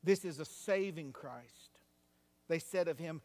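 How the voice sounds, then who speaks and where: A male pastor preaching a sermon, moving between hushed, quiet passages and loud, rising climaxes. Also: a little high, measured pace. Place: church sanctuary. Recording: long hall reverb.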